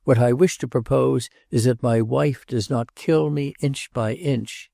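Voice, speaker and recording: A man reading an audiobook, voicing a melancholy aristocratic prince with a deep, hoarse voice and a mournful, sighing manner. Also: measured pace, dark tone, dry recording, studio quality. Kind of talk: audiobook character voice.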